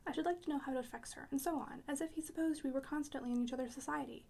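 A woman's voice: sits high, fairly even intonation, racing, gravelly, darkish tone. A woman voicing an eccentric elderly French pianist who talks bluntly and teasingly, dropping French words.

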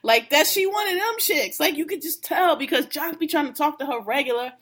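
A woman's voice: high voice, lively intonation, fairly quick, fairly bright tone. A woman co-hosting a casual podcast, gossiping bluntly about reality TV with lots of slang and laughter. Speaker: podcast co-host.

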